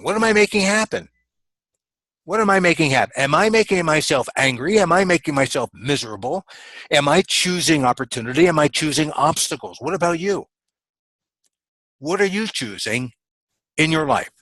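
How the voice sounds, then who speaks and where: A man's voice: fairly high pitch, animated, moderate pace, long pauses, a bit bright, dry recording, low-quality recording. A man giving a motivational coaching talk in a webinar, earnest and emphatic, repeating his key phrases. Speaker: business coach.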